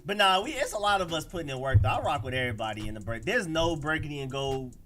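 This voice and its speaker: A man with an Atlanta accent hosts a casual sports livestream, answering the chat in an animated, slangy flow. His voice is forceful and sits a little high. Faint music plays behind him. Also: fast talker. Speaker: livestream host.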